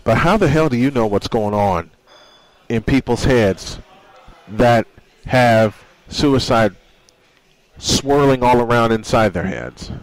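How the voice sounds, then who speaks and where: A man's voice: mid-range voice, dry recording, low-quality recording. Earnest male talk radio host. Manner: earnest, reading quotes aloud then speaking from the heart.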